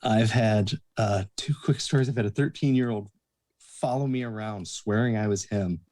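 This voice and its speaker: A man with a low, dark, mellow voice tells bar stories as a podcast guest. He acts out the people in his stories with animated delivery. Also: moderate pace. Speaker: guest, bouncer and bartender. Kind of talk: casual storytelling chat.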